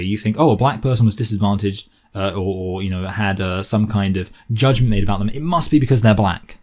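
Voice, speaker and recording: A man's voice: mid-range voice, a little mellow. A young man with a posh English accent gives an argumentative opinion monologue, rambling and often correcting himself. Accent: posh southern English.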